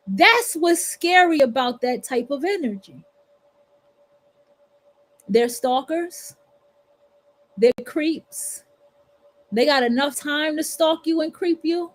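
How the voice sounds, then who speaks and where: A woman talks straight at her listeners in a loose livestream monologue. Her voice sits high, and her delivery is blunt, profane and preachy. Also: lively intonation, slow pace, long pauses, fairly bright tone. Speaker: livestream host. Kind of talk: casual monologue.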